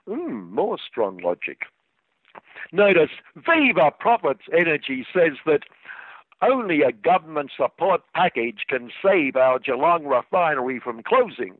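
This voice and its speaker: A man's voice: fairly high pitch, big pitch swings, measured pace, dry recording. A man delivering scripted satirical commentary on the radio, with a dry, sarcastic manner. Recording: tinny phone-like radio sound.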